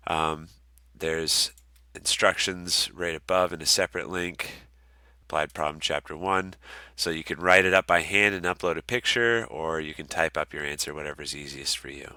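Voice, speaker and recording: A young man with a very low, bright-edged voice, walking students through an online course in a casual, relaxed way full of ums and uhs. He sounds like an instructor talking into a computer mic. The sound is dry and close, with no room echo. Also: moderate pace. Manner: relaxed, many ums and uhs, friendly asides. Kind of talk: casual recorded course walkthrough.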